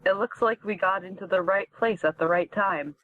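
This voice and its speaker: A man's voice: high voice, normal speed, lightly acted. A man voicing a timid floating glove boss over a phone line. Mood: calm. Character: nervous male floating right glove, pleading boss. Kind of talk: comedic fanfiction reading. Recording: dry tinny phone-like line.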